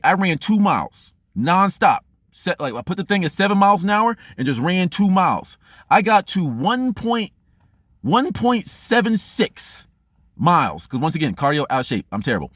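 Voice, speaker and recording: A man's voice: on the high side, a bit bright, dry recording, clean studio sound. A man giving a blunt, profane motivational monologue as a vlogger, unscripted and intense. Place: remote outdoor spot.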